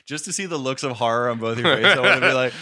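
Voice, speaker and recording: A man's voice: mid-range voice, lively intonation, bright, forceful tone, dry recording, clean studio sound. A man hosting a podcast in casual chat, reading out listener questions, rambling and breaking off mid-sentence. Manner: rambling, self-interrupting, quick to laugh. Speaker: podcast host.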